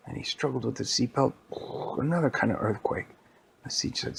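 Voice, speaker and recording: A man improvising a story for a child, animated and dropping into whispers for suspense. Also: mid-range voice, fairly quick, vocal fry, slight background noise.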